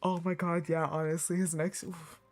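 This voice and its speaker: A woman's voice: fairly low pitch, flat delivery, normal speed, soft background music. A woman streaming her reaction to a game, reading the story aloud and laughing a lot. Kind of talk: casual live reaction.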